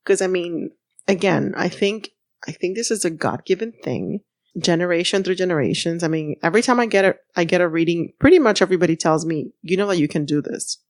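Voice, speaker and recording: A woman's voice: on the low side, fairly quick, no echo, clean studio sound. A woman co-hosting a podcast in casual chat, laughing easily and mixing Spanish phrases into her English. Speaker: podcast co-host.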